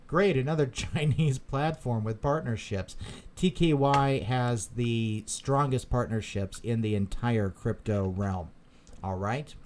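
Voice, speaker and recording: A man's voice: medium pitch, a little mellow, a little hiss or hum. A man hosting a live stream, chatting casually and reading out viewer comments, rambling with many repeated words and fillers. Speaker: crypto channel host.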